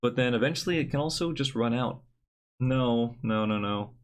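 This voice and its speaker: A man's voice: mid-range voice, normal speed. Young guy rambling thru card reviews, jokey and blunt, normal mid voice. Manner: chatty, joking, blunt opinions. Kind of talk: casual card review commentary.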